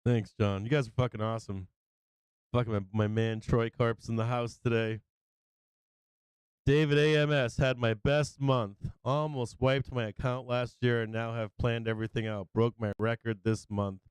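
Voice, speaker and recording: A man hosting a live stream, greeting viewers by name in an excited, casual way, swearing and getting emotional. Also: medium pitch, normal speed, smooth, dry recording. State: emotional, close to tears. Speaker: livestream host.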